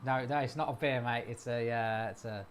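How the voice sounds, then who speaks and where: Excitable man chatting live. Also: mid-range voice, normal speed, very noisy. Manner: excitable, cheers on his trades out loud. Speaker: live-stream host and trader. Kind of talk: casual chat.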